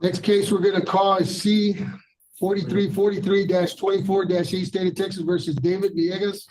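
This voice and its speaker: A high-pitched man presides as judge, calling cases and giving firm instructions. He repeats himself steadily to calm a defendant and lay out release orders. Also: moderate pace, low-quality recording. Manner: firm, repetitive, calming commands. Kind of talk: courtroom hearing. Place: courtroom.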